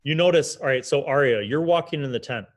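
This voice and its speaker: A man's voice: medium pitch, a little fast. A man running a tabletop game as game master, narrating the scene in a casual, descriptive way. He talks loosely, with fillers and restarts.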